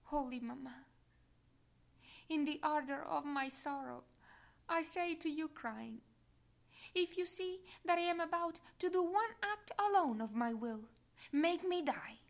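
A woman voicing a devout, fervent soul pleading through tears in a slow devotional reading. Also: sits high, creaky, pitched above the performer's own voice.

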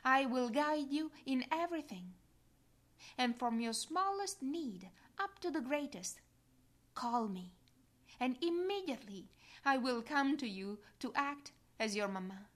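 A woman voicing a tender, motherly heavenly queen in a slow, gentle devotional reading that drops to soft whispers. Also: high voice, expressive.

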